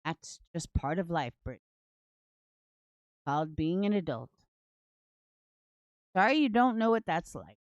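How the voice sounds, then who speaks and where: A woman's voice: on the low side, sing-song, unhurried, long pauses, dry recording, highs cut off. Blunt, foul-mouthed woman streamer. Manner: blunt, profane and sarcastic. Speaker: true crime commentary streamer. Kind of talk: casual livestream commentary. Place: at home.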